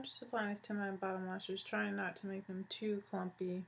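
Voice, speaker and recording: A woman's voice: mid-range voice, flat delivery, normal speed, creaky. A young woman in her twenties from Hawaii narrating a makeup tutorial in a chatty way, describing each step as she goes. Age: 20s. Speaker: beauty vlogger.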